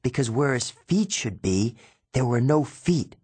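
Husky guy reading an audiobook, mid pitch, dry close mic. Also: animated, measured pace, a little mellow, no room sound. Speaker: audiobook narrator. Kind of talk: first-person audiobook narration.

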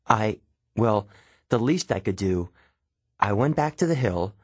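A man voicing an anxious young male satyr who talks in nervous, halting bursts. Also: fairly low pitch, expressive, slightly rough, no echo.

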